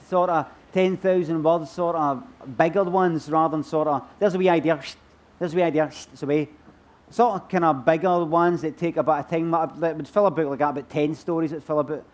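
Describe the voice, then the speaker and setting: A Glaswegian man answering audience questions on stage in a rambling, self-mocking way. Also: on the high side. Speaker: comedian guest at book festival. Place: stage at a book festival.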